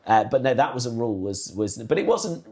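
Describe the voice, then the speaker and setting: Animated male podcast co-host. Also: mid-range voice, fairly quick, crowd noise. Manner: animated storyteller, imitates relatives in raised voice. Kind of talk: casual chat.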